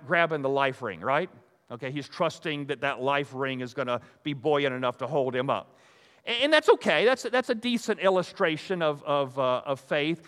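A man's voice: fairly high pitch, a bit bright, smooth. An older man preaching a conversational sermon to a live audience, rambling and folksy, with many restarts and asides. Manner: rambling, folksy, full of restarts and "you know". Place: hall with an audience. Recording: long hall reverb.

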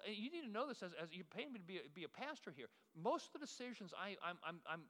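A man's voice: high voice, fairly bright tone. A middle-aged man, a pastor, preaching in a rambling, anecdotal, self-mocking way. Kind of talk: sermon. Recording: long hall reverb.

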